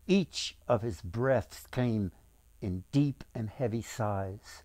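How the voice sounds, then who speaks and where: A man's voice: lowish voice, takes it slowly, a little mellow, dry recording. A man as author reading his own storybook aloud, with acted voices for the characters.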